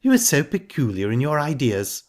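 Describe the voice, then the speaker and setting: A man's voice: mid-range voice, huge pitch swings, moderate pace, pitched above the performer's own voice. A man voicing a shallow, easily offended widowed stepmother who talks in a prim, indignant way. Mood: huffy, prim.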